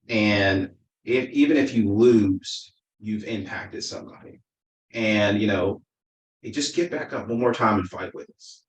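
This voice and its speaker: A man and former political candidate, talking as an interview guest in an earnest, rambling storytelling way. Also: on the low side. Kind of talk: casual interview conversation. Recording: roomy sound from a distant mic.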